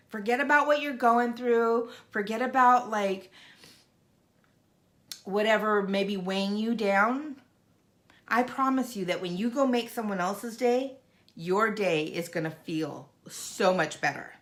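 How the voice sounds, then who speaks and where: A woman's voice: a little high, a bit bright. An older woman and grandmother, talking straight to her viewers in an earnest, encouraging vlog pep talk. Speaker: vlogger. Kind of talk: heartfelt motivational vlog talk.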